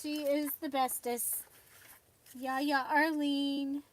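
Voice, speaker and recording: A woman's voice: high voice, level tone, takes it slowly, a little hiss or hum. A woman hosting a casual live stream from her craft desk, chatting with viewers, greeting them by name and laughing often. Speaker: livestream host.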